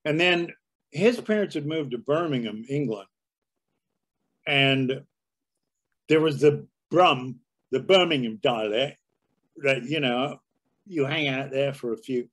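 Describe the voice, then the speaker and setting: A man in his seventies, a guest comedian telling anecdotes in a casual interview, slipping into dialect impressions. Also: mid-range voice. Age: 70s.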